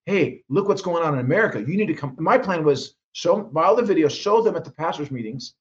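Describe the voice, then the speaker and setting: A man's voice: fairly high pitch, animated, a little fast, lo-fi sound. A man guest minister telling stories in an interview, acting out quoted voices with frequent restarts. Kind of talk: animated storytelling interview.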